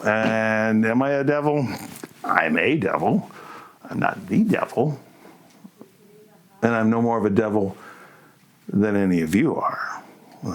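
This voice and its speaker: A middle-aged man co-hosting a podcast, talking in a casual, animated way, firing off provocative rhetorical questions and calling his listeners folks. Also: mid-range voice. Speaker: podcast co-host. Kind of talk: casual opinionated monologue.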